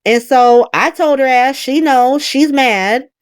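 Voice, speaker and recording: A woman's voice: high voice, slow, dry recording, studio quality. A woman casually recapping a soap opera as host, blunt and profane, acting out the characters' lines.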